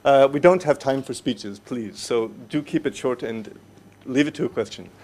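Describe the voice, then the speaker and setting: A man's voice: medium pitch, normal speed, darkish tone, slight background noise. A male lecturer moderating questions at a lecture, speaking hesitantly with many fillers but firmly keeping the time. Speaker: discussion moderator. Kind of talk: chairing a Q&A. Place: lecture hall.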